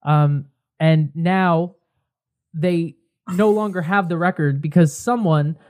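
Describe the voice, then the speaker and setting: Excitable rambling podcast host. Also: male voice, fairly high pitch, slow. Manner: rambling, excitable, many restarts. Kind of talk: casual chat.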